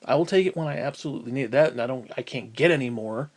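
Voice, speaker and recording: A man in pain ranting angrily and profanely to camera, swinging between loud outbursts and low mutters. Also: quick pace. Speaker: vlogger.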